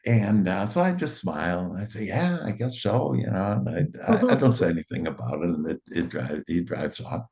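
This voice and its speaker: A man's voice: deep voice, huge pitch swings, a little fast, creaky, few pauses, darkish tone. A man, an author and motivational speaker, telling a cheerful anecdote casually and chuckling often as he goes. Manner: cheerful and upbeat.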